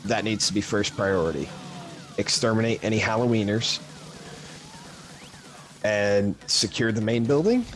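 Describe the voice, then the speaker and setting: A man's voice: fairly low pitch, expressive, a little slow, long pauses, faint music behind. A man playing a tabletop role-playing game, casually planning his character's moves aloud. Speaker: player.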